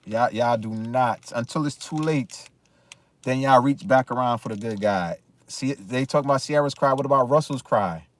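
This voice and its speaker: A man's voice: medium pitch, normal speed, dry recording. Man, vlog rant, emphatic, repetitive, stumbling restarts, dry close mic. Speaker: commentary vlogger. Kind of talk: casual opinion rant.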